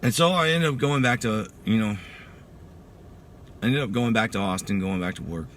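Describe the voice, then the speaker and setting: Emphatic casual man with a low voice. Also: moderate pace, a bit bright, a little hiss or hum. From Texas. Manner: casual, emphatic, says "dude" and "freaking". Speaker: veteran giving a testimony. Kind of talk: personal storytelling.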